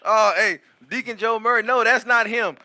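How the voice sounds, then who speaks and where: A man co-hosting a comedy podcast, telling stories in a casual, animated and profane way and laughing often. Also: very high-pitched, moderate pace, dry recording. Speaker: podcast co-host. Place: podcast studio.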